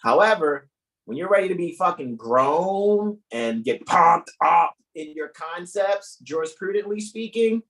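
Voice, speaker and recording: A man's voice: sits high, expressive, measured pace, a bit bright, poor audio. A man hosting an online study group over a video call, lecturing in a profane, emphatic, joking way. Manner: profane, emphatic, preachy with jokes.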